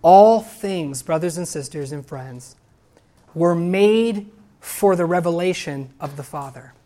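A woman preaching a sermon, reading scripture and hymn lines aloud and building to loud, emphatic exclamations. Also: fairly low pitch, a little slow.

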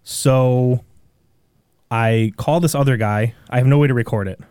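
A man with a Midwestern American accent, a podcast guest telling a long story in a rambling, animated way with many restarts. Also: medium pitch, measured pace, smooth, no room sound, studio quality. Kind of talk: casual storytelling.

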